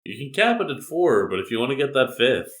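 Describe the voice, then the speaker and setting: A man co-hosting a games podcast, talking in a relaxed, hedging way. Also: mid-range voice, fairly quick. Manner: relaxed, hedging with likes and ums. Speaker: podcast co-host. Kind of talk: casual chat.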